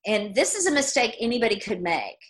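A woman in her sixties, a guest author talking through everyday examples in a relaxed interview, reflective and quick to laugh. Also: a little high. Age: 60s. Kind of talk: casual interview chat.

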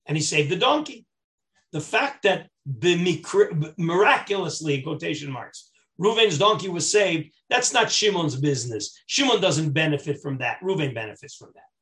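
Man, rabbi, Talmud class lecture, higher voice, animated, step-by-step explainer, checks in with the class. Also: moderate pace. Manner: mixes Aramaic text reading with English explanation; animated, rising in pitch and volume when stressing a point.

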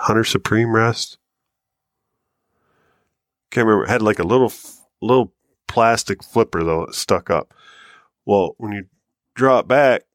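A man co-hosting a hunting podcast, telling long stories in a loose, animated way and swearing freely. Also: fairly low pitch, dry recording, studio quality. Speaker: podcast co-host. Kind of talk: casual storytelling chat.

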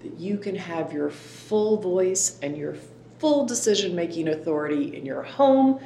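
A woman guest on an interview, speaking calmly and earnestly in a reflective way. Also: unhurried. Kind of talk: reflective conversation. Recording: echoey room with faint rumble.

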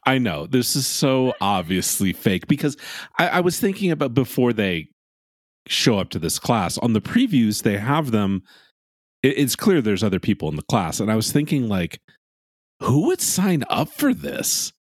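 A male podcast co-host chats casually while recapping a reality show, sounding sarcastic and animated. His pitch is medium and his pace moderate, captured in studio quality with no room sound.

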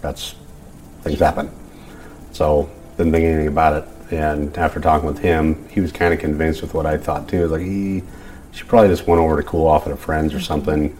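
A middle-aged man, a father, speaking in an interview in a halting, rambling way with many fillers. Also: rumbling low, little pitch movement, a little mellow, a little hiss or hum. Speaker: father of missing woman.

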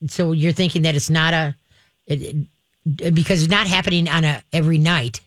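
A woman's voice: low-pitched, moderate pace, no room sound. A woman hosting a call-in radio show, talking in a folksy, chatty way full of fillers. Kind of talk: call-in advice chat.

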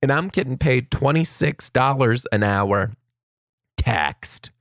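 A young adult man hosting a podcast, telling comedic stories in an animated way and jumping into high voices when he quotes kids. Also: moderate pace, dry recording. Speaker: podcast host. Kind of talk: comedic storytelling monologue.

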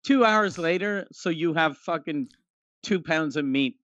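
A man's voice: fairly high pitch, measured pace, a bit bright, no room sound, lo-fi sound. A man chatting casually on a podcast with a wry, laid-back, profane delivery. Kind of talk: casual chat.

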